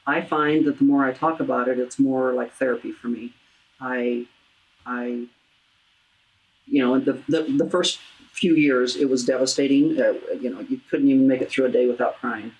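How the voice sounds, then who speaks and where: A woman with a low, steady voice hosts an intimate interview about loss. She speaks earnestly, often restarting her sentences as she works through hard memories. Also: low-quality recording. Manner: earnest, halting, with many restarts. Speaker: talk show host. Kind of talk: heartfelt interview about grief.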